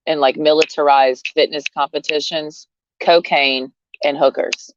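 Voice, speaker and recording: Woman vlogger, low voice, blunt sarcastic profane rant, dull lo-fi dry recording. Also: normal speed, no room sound. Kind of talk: casual rant to camera. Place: outdoors, sitting under a tree. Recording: dull, lo-fi sound.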